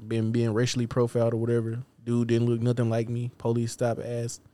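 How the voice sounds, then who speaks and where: A man's voice: mid-range voice, monotone, brisk, mellow. A man co-hosting a podcast, chatting casually in a blunt, outspoken way. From United States. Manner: blunt and outspoken, laughs between lines. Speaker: podcast co-host. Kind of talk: casual chat.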